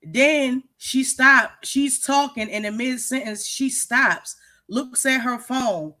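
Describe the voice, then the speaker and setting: Emphatic bright-voiced livestream co-host. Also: sits high, takes it slowly. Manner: emphatic, repeats words, profane. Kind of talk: livestream commentary.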